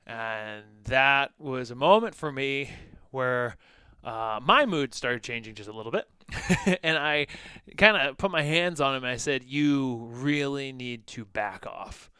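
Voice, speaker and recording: A man's voice: medium pitch, expressive, a little slow, pushed and bright, smooth, dry recording. A man co-hosting a podcast, telling a personal story in a loose, conversational way with lots of "like" and "you know". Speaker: podcast co-host.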